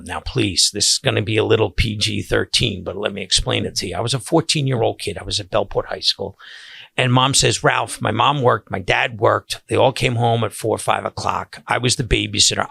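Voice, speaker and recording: A man's voice: lowish voice, creaky, slightly rough, no echo. An older man with a Long Island accent hosting a podcast, telling family stories casually with many restarts. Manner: animated storyteller with many restarts. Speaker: podcast host, caterer. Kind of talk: casual storytelling.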